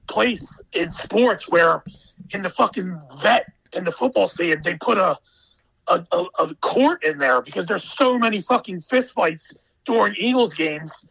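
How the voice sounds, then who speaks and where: A man's voice: high voice, gravelly, sharp tone, a little hiss or hum, rough recording. A man talking as a podcast guest, ranting emphatically in casual, profane chat.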